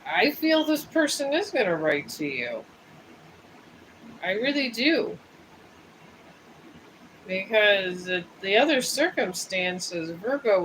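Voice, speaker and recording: A man's voice: high-pitched, bright, forceful tone, slight background noise, poor audio. A man reading tarot cards on a livestream, chatting in a rambling, casual way and drifting from topic to topic. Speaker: tarot reader and livestream host. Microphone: streaming setup.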